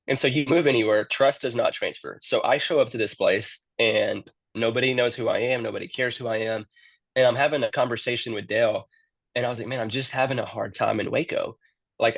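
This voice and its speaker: Youth minister guest, earnest storyteller, gravelly mid voice. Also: male voice, medium pitch, a bit bright, no echo. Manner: earnest, repeats words when starting sentences. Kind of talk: casual storytelling interview.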